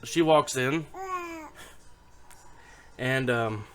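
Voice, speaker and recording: A man telling a long, rambling dirty joke straight to camera in a loose, casual way. He swears freely and pauses to hush his little daughter, whom he holds on his lap at home. His voice sits at a plain, middling pitch. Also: music in the background. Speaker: YouTube joke teller.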